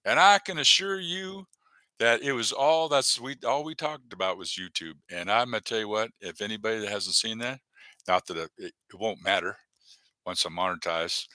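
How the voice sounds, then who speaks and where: A man's voice: fairly low pitch, moderate pace, bright, forceful tone, no echo. A man hosting a live stream, rambling and joking casually as he talks to viewers in the chat by name. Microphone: desk webcam setup.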